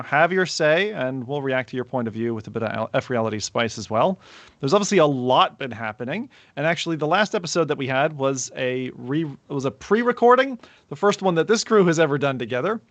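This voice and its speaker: A man's voice: a little high, lively intonation, fairly quick, fairly bright tone, no room sound, dull audio. Playful man hosting a podcast. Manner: joking, playful introductions. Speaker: podcast host. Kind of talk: casual podcast chat. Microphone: remote call setup.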